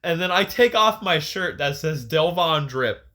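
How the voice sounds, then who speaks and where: A young man recounts a story on a casual podcast. He is animated and profane and laughs often. His tone is bright and forceful, pitched a little high. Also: a little slow. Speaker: podcast co-host. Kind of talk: casual chat, retelling a match.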